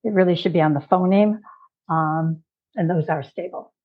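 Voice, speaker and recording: A woman's voice: lowish voice, moderate pace. Woman from chicago explaining stuff patiently, sounds like a video call, thin tinny audio. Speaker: guest expert on literacy. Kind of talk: conversational explanation.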